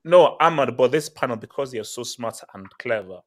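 A man's voice: mid-range voice, expressive, a little fast. Teasing man hosting a football panel. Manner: teasing, sarcastic, laughing often. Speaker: podcast host reading chat. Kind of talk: casual panel banter.

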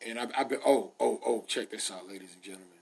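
A New man hosting a podcast, ranting in loud bursts with a husky low voice. His delivery is emphatic, comic and repetitive. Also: fast talker. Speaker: podcast host. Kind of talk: casual comedic rant.

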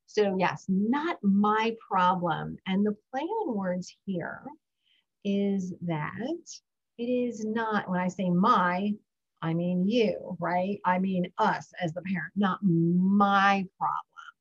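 A woman's voice: medium pitch, slow. A middle-aged woman hosting a parenting podcast, telling a story from her own life and guiding a short breathing exercise. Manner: warm reflective storytelling, guides breathing. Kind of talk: casual solo podcast talk. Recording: dull lo-fi recording.

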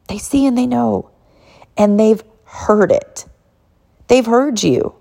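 Mom in her 30s telling a story about her kid, animated, laughs a lot, gets emotional easy. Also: mid-range voice, takes it slowly, vocal fry, pauses often. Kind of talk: heartfelt storytelling and encouragement.

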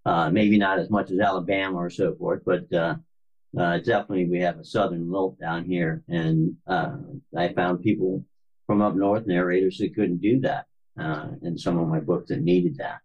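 A male author from Florida talking as a podcast guest, speaking haltingly with many fillers and restarts. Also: sits low, fairly even intonation, a little mellow, lo-fi sound. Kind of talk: conversational interview.

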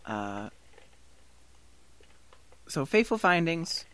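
Low-voiced young woman podcast host. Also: sing-song, slow pace, fairly bright tone. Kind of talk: casual movie-review chat.

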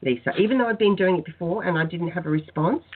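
A woman guest in a spiritual radio interview, telling her personal story in an earnest, soft-spoken way. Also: fairly low pitch, fast, slight background noise. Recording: tinny phone-line sound.

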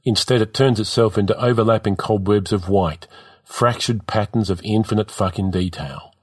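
A man's voice: on the low side, moderate pace, dry recording, studio quality. A man narrating a story in a vivid, rhythmic reading.

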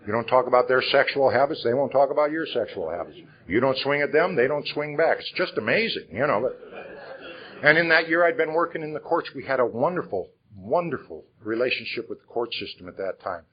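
Recounting his life before a recovery conference audience in a conference hall, an older man from Iowa talks frankly and conversationally and asks rhetorical questions. His medium-pitched voice has lively intonation at a fairly quick pace, with the highs cut off.

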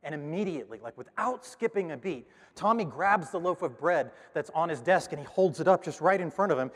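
A man's voice: a little high, a little fast, few pauses. Folksy male preacher in a reverberant hall. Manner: relaxed, folksy storytelling with fillers. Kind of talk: storytelling sermon illustration.

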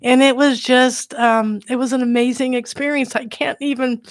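A woman telling a personal faith story in a soft, emotional way, during a conversation. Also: high-pitched, flat delivery, moderate pace, no echo, studio quality.

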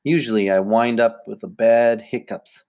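A man's voice: fairly low pitch, fairly even intonation, moderate pace, darkish tone, smooth. Male audiobook narrator, plain first-person storytelling. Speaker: audiobook reader.

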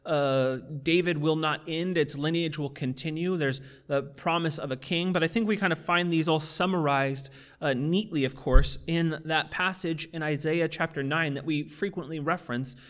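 A man's voice: fairly high pitch, steady tone, normal speed, hardly any pauses, a bit bright. A man preaching a casual, conversational sermon with plenty of fillers, building in intensity as he goes. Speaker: pastor.

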